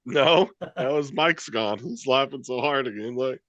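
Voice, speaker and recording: A man's voice: medium pitch, fairly bright tone, no echo, highs cut off. A man hosting a casual chat over a video call, joking and teasing his friends. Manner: joking, teasing, quick banter. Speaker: show host.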